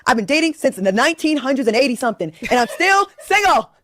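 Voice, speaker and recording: Fast-talking woman in her fifties, venting. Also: fairly high pitch, expressive, dry recording, studio quality. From United States. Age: 50s. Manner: exasperated, venting, rapid and emphatic. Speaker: talk show guest. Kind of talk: ranting on a talk show.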